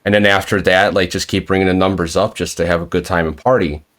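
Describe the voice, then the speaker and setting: A man's voice: low voice, fairly even intonation, fast, fairly bright tone. A man hosting a casual live-streamed interview, rambling and swearing freely as he retells stories. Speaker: podcast host.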